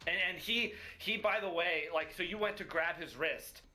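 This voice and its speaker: A man playing in a live-streamed tabletop game, describing his character's moves with many pauses and fillers. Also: high-pitched, sharp tone.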